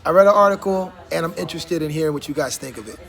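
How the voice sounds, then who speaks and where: Guy hosting a barbershop chat, raspy gravelly voice, higher pitched, jokes around a lot. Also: rapid-fire, a bit bright. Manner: joking, teasing, laughs often. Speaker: host. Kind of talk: casual chat.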